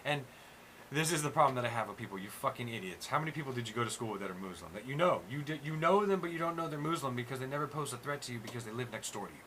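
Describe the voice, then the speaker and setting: A man in casual chat, hosting, ranting loudly and swearing constantly. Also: medium pitch, rapid-fire, slight background noise. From USA. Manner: profane, ranting, animated. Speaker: host.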